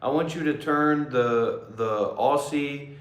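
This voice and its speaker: A man's voice: medium pitch, slow, roomy sound, low-quality recording. A man hosting a casual livestream as a former monk, joking and rambling with many restarts.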